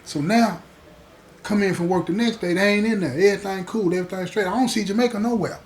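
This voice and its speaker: A man's voice: high voice, fast, echoey room. A man hosting a show and telling a prison story in a casual, slangy way, acting out the dialogue. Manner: animated, slangy, acts out dialogue. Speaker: host.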